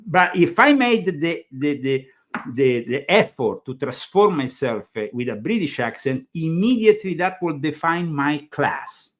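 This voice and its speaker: A man's voice: a little high, sing-song, a little slow. Italian-accented man, rambling talk. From Italy. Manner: rambling, hesitant with many fillers. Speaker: show host. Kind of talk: casual conversational interview.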